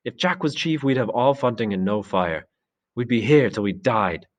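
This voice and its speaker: A man's voice: medium pitch, animated, normal speed, voice pushed up, natural voice. A man reading aloud, voicing a chubby, anxious, thoughtful schoolboy. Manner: worried, pleading.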